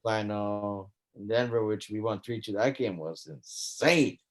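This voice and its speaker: A man's voice: lowish voice, a little slow. A man co-hosting a podcast, talking sports in a loose, chatty way, swearing casually and trailing off mid-thought. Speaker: podcast co-host.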